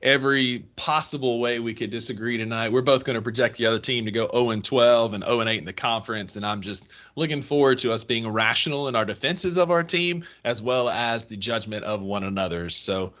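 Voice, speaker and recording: Mississippi country guy cohosting a sports pod, bright tone, laughs a lot. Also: medium pitch, a little fast, few pauses. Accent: Northeast Mississippi. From Northeast Mississippi. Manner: laughs often, teasing banter. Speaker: podcast co-host. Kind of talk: casual sports podcast chat.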